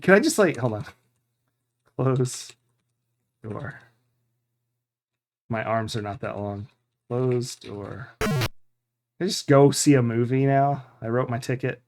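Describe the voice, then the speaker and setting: A man's voice: mid-range voice, fairly even intonation, slow, pauses often, a little mellow. A man streaming a game playthrough, thinking aloud and rambling with fillers as he reads the game text. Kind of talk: live game playthrough commentary.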